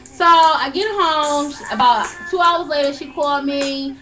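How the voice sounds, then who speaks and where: A young woman telling a long story in casual chat, animated and profane, laughing often. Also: high voice, unhurried, over music.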